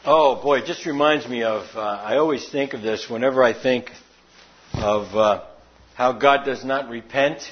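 A man preaching a conversational sermon, animated and jumping up in pitch for emphasis. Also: normal speed, slightly rough. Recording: dull lo-fi recording.

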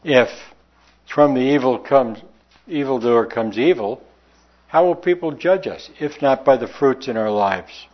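A man preaches a sermon, reading scripture aloud and pressing his listeners with rhetorical questions. His voice is mid-range and a little slow, and the recording has a dull, lo-fi sound.

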